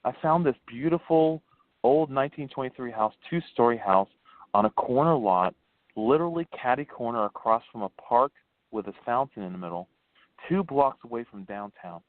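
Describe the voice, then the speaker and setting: The interview guest here, a paranormal investigator and ghost tour founder from Florida by way of a New Hampshire birth, laughs frequently while animatedly telling history and ghost stories. It's a casual phone chat at normal speed, with his pitch swooping over a dry, tinny, echo-free line.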